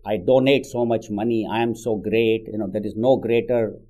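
With a dark tone and fairly even intonation, a man speaks at a moderate pace in a lowish voice, the audio poor. He's a spiritual teacher giving a conversational, story-driven sermon full of "you know" asides.

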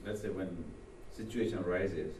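A man in a group discussion, making his point haltingly with fillers and restarts. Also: sits low, fairly even intonation. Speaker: group member. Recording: echoey room, far from mic, faint noise.

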